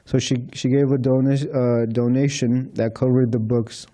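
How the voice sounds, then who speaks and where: Here a man with a dark, medium-pitched voice speaks at a moderate pace with little pitch movement. As temple speaker in a temple hall, he tells his congregation anecdotes and re-creates conversations, adding light chuckles.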